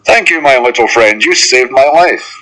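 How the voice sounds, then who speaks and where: A man's voice: medium pitch, animated, normal speed, bright, forceful tone, low-quality recording. A man voicing a big, proud male lion who growls and roars his words in a recorded children's story. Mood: grateful. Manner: growling, roars spoken aloud.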